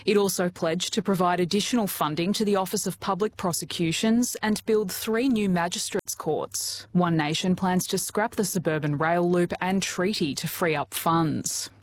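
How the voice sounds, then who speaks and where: A woman's voice: on the low side, normal speed, few pauses. A woman delivering a formal, scripted news report.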